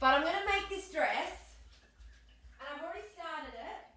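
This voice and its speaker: Woman, Australian accent, chatty live stream host, slightly hoarse, sharp bright voice. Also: extremely high pitch, normal speed. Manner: chatty, repeats words, greets viewers excitedly. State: slightly hoarse, recovering from lost voice. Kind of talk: casual live stream chat.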